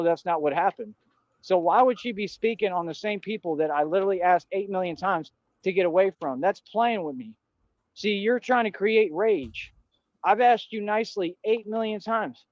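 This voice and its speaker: A man with a slightly high voice rants defiantly into a livestream, looping back to the same points in loose street slang. The audio is dull and lo-fi, with a dry, close sound. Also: a little mellow, no room sound. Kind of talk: ranting livestream monologue.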